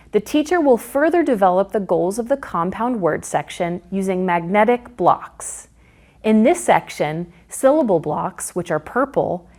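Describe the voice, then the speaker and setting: A woman's voice: medium pitch, darkish tone. A woman narrating a scripted phonics lesson, stressing each example word as she walks through the steps. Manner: slow, deliberate, sing-song stress on example words. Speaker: literacy instructor.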